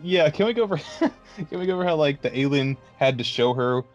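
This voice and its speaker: A man's voice: fairly high pitch, lively intonation, brisk, soft background music. A man chatting on a podcast, blunt, profane and mocking. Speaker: podcast co-host. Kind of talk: casual chat.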